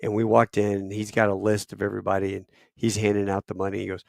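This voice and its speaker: A man in his fifties, a retired Marine officer guesting on a podcast, telling war stories in a lively, profane, casual way. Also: on the low side, fast talker, creaky, no echo, clean studio sound. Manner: animated, profane storyteller.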